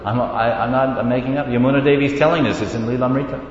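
A man giving a devotional scripture class, reading passages and retelling stories in an animated way. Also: fast. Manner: storytelling, switches between reading and animated retelling. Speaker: lecturer on scripture. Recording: echoey hall, dull low-fi sound.

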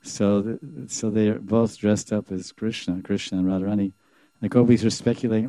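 Male devotional storyteller, animated and chuckling, acts out the scenes; dry, close sound. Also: fairly low pitch, moderate pace, no room sound. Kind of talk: sermon storytelling.

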